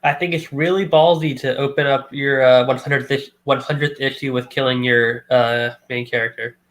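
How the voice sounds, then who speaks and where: A man's voice: mid-range voice, steady tone, moderate pace, fairly bright tone. A man co-hosting a podcast, giving blunt, joking reactions in casual chat. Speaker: podcast co-host.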